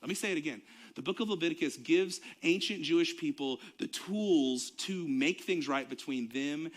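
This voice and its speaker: A man's voice: fairly high pitch, moderate pace. A young adult man, preaching a sermon to his congregation in a conversational way, with fillers and asides. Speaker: pastor.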